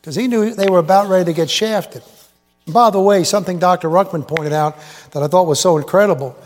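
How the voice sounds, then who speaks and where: High-voiced preacher man in an echoey hall. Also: brisk. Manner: folksy, digressive, quizzes the audience. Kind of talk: rambling sermon with jokes and asides. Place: large hall with live congregation.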